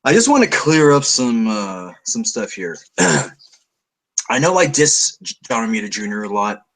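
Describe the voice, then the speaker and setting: A man from Canada chatting casually about comics, blunt and animated. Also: lowish voice, measured pace. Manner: animated, swearing, blunt opinions. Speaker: co-host. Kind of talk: casual chat.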